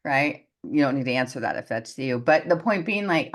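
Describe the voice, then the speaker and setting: Woman coach w a low voice, super animated, keeps acting out little quotes. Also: normal speed. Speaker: success coach. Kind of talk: live group coaching call.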